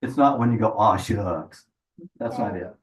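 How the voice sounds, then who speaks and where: A man's voice: medium pitch, quick pace, a little mellow. A man telling a folk tale live in a home, playful and coaxing his listeners to join in. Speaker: storyteller. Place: living room of a home. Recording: voice from a distance.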